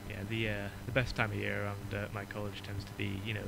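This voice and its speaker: A man's voice: on the low side, monotone, quick pace, creaky, noisy background. A young man with a Yorkshire accent chatting casually on a podcast, slightly ill, rambling with fillers and restarts. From Yorkshire, England. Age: young adult. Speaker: podcast co-host. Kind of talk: casual chat.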